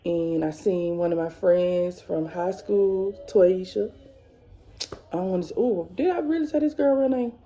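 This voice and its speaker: Emotional, rambling woman vlogger, warm voice. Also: lowish voice, a little slow, faint music behind. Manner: rambling, repeats herself, emotional. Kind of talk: emotional casual chat to camera. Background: kids faintly in background.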